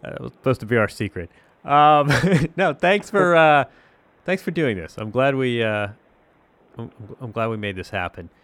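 A man's voice: mid-range voice, lively intonation, normal speed, a bit bright, no echo. A man hosting a podcast, chatty and friendly, introducing a guest and interviewing him. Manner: friendly, chatty, some filler hesitations. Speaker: podcast host.

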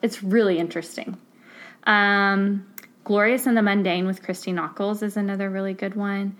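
A woman who works as a teacher, chatting casually on a podcast and telling classroom stories with lively acted-out quotes. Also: medium pitch, moderate pace. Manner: animated storyteller, acts out voices in quotes. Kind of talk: casual chat, storytelling.

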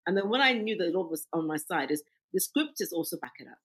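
A woman guest with a husky voice, telling her faith story in an interview with fervent, emphatic energy. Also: on the low side, big pitch swings, quick pace, a bit bright, rough recording. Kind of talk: faith testimony in podcast interview.

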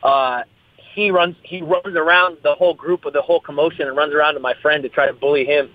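A man's voice: on the high side, steady tone, brisk, no room sound. A young man, a fighter, talking in a casual interview, rambling, repeating his words and swearing freely. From US West Coast. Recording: tinny phone-like line.

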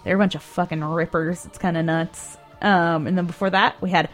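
A woman's voice: lowish voice, fairly even intonation, fairly quick. Young woman, radio co-host, laid-back, swears a lot, casual chat, faint music behind.

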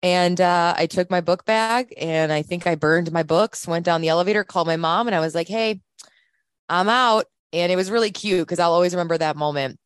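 A woman in her thirties tells her story as a podcast guest, animated and quick to laugh, acting out the people she quotes. Her voice sits a little low. The sound is dry and close, with no room around it. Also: clear, resonant tone, no room sound. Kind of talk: casual storytelling chat.

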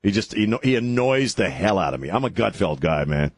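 A man's voice: sits low, very animated, brisk, a little hiss or hum. A man hosting a talk radio show, blunt and brash, laughing often between opinions. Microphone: studio mic.

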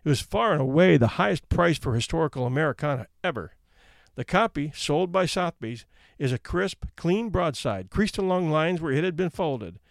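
A man's voice: fairly high pitch, lively intonation, moderate pace, vocal fry, dry recording, clean studio sound. Wry man reading stories aloud. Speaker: storyteller reading anecdotes. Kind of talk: casual read-aloud narration.

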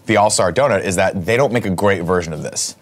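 Low-voiced dude cracking jokes on a podcast, talks fast, swears constantly, gets super hyped. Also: male voice. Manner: loud, profane, excitable. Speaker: podcast co-host. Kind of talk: casual comedic chat.

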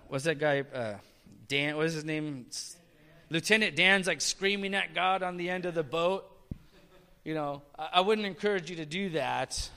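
A man's voice: sits high, pushed and bright, clear, resonant tone, long reverb tail. A male pastor preaching a sermon in a conversational way, asking the congregation questions and slipping in light jokes.

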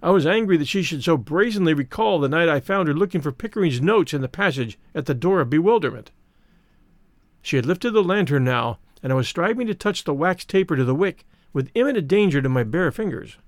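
Expressive male audiobook narrator. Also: fairly high pitch, brisk, no echo.

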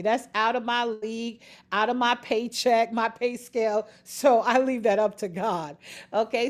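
A woman giving a faith-based motivational talk, speaking straight to the listener, laughing often and repeating phrases for emphasis. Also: on the high side. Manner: expressive, laughs often, encouraging.

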